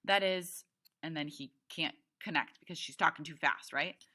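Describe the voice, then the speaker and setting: A woman's voice: low voice, fairly even intonation, moderate pace, sharp tone, breathy edge. A woman teacher reading a novel aloud to her class, stopping to explain words and check that her students follow along. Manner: explains as she reads.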